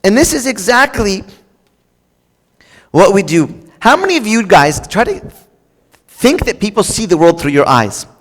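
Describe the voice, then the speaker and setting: A man's voice: high voice, big pitch swings, a little slow, long pauses, a bit bright. A man giving a conversational, joking sermon, speaking straight to the congregation with casual fillers and restarts. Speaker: preacher. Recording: long reverb of a large hall.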